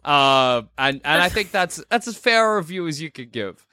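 Brief: lively male host, animated and bright, joking casual chat. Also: fairly high pitch, moderate pace, dry recording, studio quality. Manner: playful, jokey, laughs often. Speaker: podcast host reviewing games.

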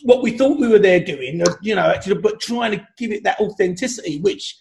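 A man on a panel telling rambling, animated stories, restarting words and swearing freely. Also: high voice, brisk, creaky. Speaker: actor on a panel. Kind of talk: rambling anecdotal storytelling.

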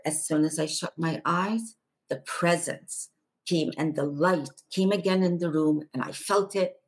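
A woman guest on a podcast, earnestly recounting a personal testimony and going hushed for the quieter moments. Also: deep voice, measured pace, slightly rough.

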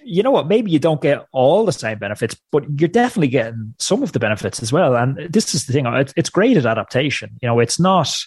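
A man's voice: medium pitch, big pitch swings, quick pace, few pauses, a little mellow, slightly rough, no room sound. Emphatic motivational man, dry sound. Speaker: guest. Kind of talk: podcast interview talk.

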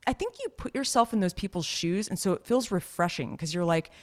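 Lowish-voiced chatty woman. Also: expressive, a little fast, darkish tone. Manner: chatty, rambling storyteller with many fillers. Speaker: podcast co-host. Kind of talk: casual chat.

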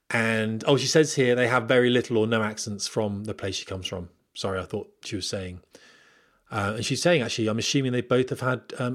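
A man hosting a casual podcast from home, a former pilot who digresses freely and talks straight to his viewers. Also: medium pitch. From Britain. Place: at home in front of a camera.

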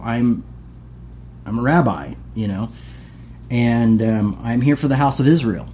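A man's voice: medium pitch, a little slow, warm tone, a little hiss or hum. A man preaching a casual, conversational sermon as pastor, acting out the voices of the people he quotes.

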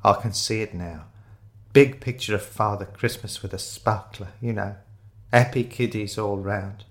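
A man's voice: on the low side, steady tone, measured pace. Man putting on a homely tearful receptionist woman. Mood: chatty. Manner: homely, calls people ducks and dear. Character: motherly middle-aged woman receptionist, tearful and chatty.

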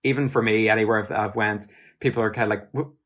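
A man's voice: fairly low pitch, steady tone, fast talker, fairly bright tone. A man with a Northern Irish accent interviewing a guest, asking long rambling questions full of fillers. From Northern Ireland.

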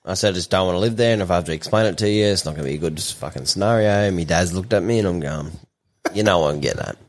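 An Australian man chimes into a relaxed chat with dry, wry remarks. His voice is lowish and even. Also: rapid-fire. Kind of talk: casual chat.

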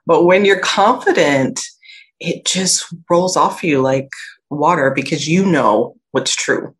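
Raised in Michigan and Alabama, this woman has a Southern accent and a low, slow voice, captured on a rough recording with a bit of background noise. She's an aromatherapy expert guesting in a podcast interview, talking earnestly and reflectively about confidence and perspective, and she grows animated when quoting others.

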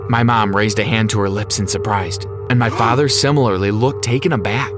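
A man narrating a scripted first-person story in a steady, even reading. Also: on the low side, a little fast, over music.

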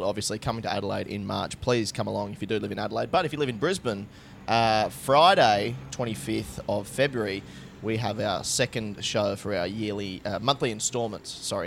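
A young Australian man co-hosting a comedy podcast, crude and excitable, laughing often as he tells stories and plugs shows. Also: fairly low pitch, creaky, a little hiss or hum. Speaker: podcast co-host. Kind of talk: casual comedy podcast chat.

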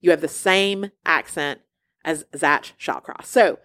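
A woman co-hosting a podcast, telling stories and ranting in a sarcastic, animated way. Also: deep voice, slow pace, no echo. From US South. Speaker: podcast co-host. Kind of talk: casual chat.

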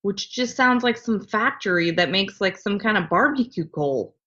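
A woman's voice: mid-range voice, lively intonation, normal speed, a bit bright, highs cut off. A woman co-hosting a casual podcast, blunt and sarcastic, swearing freely. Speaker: podcast co-host. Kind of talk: casual chat.

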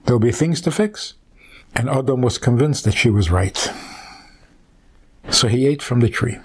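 A man, a rabbi, retelling a scripture story as a teaching, conversational and animated, asking rhetorical questions. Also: mid-range voice, normal speed, slightly rough.

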